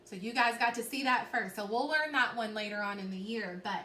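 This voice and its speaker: Bright-voiced woman teaching phonics. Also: on the high side. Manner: slow, clear, encouraging classroom delivery with drawn-out sounds. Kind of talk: recorded phonics lesson for young children. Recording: echoey room with faint background noise.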